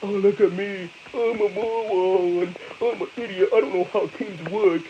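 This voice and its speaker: A man voicing a whiny, dim-witted male internet troll in a mocking, sing-song, high put-on voice. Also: steady tone, measured pace, highs cut off, a little hiss or hum.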